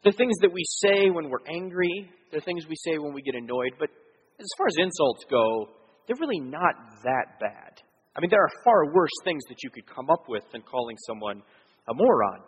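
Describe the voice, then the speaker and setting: Husky-voiced preacher in a reverberant hall. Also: male voice, on the high side, big pitch swings, normal speed. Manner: earnest, explanatory preaching with frequent fillers. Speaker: pastor. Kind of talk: sermon.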